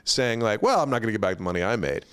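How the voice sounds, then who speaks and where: A man hosting a podcast, talking in a casual, thoughtful, measured way that often trails into restarts. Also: fairly low pitch, sing-song, fairly bright tone, clear, resonant tone. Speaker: podcast host. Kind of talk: casual interview chat.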